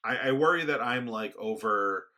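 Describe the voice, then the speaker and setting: A man co-hosting a podcast, talking casually and haltingly, often restarting as he searches for words. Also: medium pitch, animated, sharp tone. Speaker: podcast co-host. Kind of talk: casual conversation.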